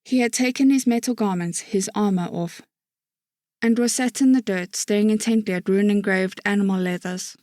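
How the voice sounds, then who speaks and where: A woman narrating an audiobook chapter in a steady storytelling manner. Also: medium pitch, normal speed, no echo, studio quality. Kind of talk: scripted narration.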